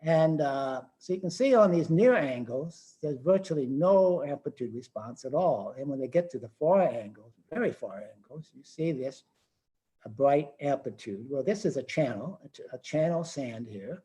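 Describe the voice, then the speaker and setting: A man's voice: on the high side, expressive, normal speed, warm tone, poor audio. An older man giving a technical lecture as a webinar presenter, thinking aloud with frequent restarts and fillers.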